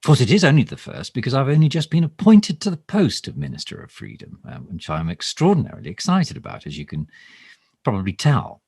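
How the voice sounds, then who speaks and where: Heavily acted and brisk, this mid-range, gravelly, darkish voice with a breathy edge swoops wildly in pitch as a satirical minister character. He rambles and stammers with ums and restarts in a self-important, pompous, overly formal improvised mock live stream. The studio recording has no echo.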